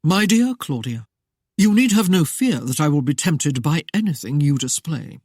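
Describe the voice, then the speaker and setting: An audiobook narrator voicing a calm young nobleman who speaks softly and in measured, mocking tones. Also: mid-range voice, no room sound, studio quality. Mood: commanding. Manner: soft, measured and coolly mocking. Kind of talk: audiobook character voice.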